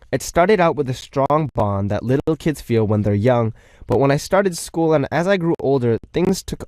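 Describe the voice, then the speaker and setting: A man's voice: medium pitch, a little mellow, no room sound, studio quality. A young man hosting a radio show, reading out listener messages in a playful, chatty way and joking about himself.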